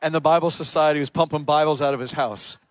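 A man preaching a sermon, his voice caught close and dry. He swings from loud, stressed words to quiet, low asides. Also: steady tone, fast, no echo. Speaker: pastor. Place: church service.

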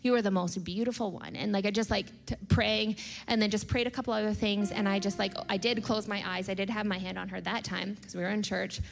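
A woman's voice: mid-range voice, steady tone, brisk, gravelly. A woman in her thirties telling stories in a church sermon, chatty and full of fillers, laughing as she acts out what people said. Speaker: church speaker. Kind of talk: sermon storytelling. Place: church auditorium. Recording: long hall reverb with soft music behind.

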